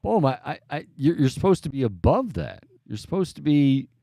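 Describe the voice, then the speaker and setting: A man's voice: fairly high pitch, sing-song, normal speed, gravelly, dark tone, no echo, studio quality. A man hosting a sports talk radio show in a casual, chatty way, often restarting his sentences.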